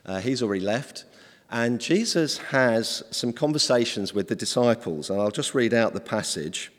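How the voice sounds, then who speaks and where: A man's voice: mid-range voice, animated, moderate pace, big-room sound. A man preaching an informal sermon in a conversational, hesitant way, with many ums.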